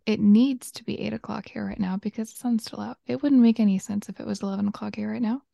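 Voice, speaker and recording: A chatty woman from Georgia co-hosting a casual podcast, laughing often as she tells stories. Her voice has a gravelly edge, and the recording is dry and close with no room sound. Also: medium pitch, fairly even intonation, fast, warm tone, no room sound. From Georgia, USA. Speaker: podcast co-host. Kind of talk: casual chat.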